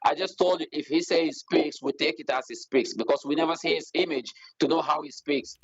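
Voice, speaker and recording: A man's voice: a little high, breathy edge. Defensive male caller on dull lo-fi line. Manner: defensive, halting, uses fillers. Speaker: caller in debate. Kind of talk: heated live debate. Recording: dull lo-fi call audio.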